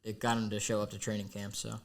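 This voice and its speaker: A man's voice: fairly low pitch, completely flat delivery, fast talker, gravelly. A man co-hosting a casual sports podcast, brash and swearing freely as he hypes his picks. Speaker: podcast co-host.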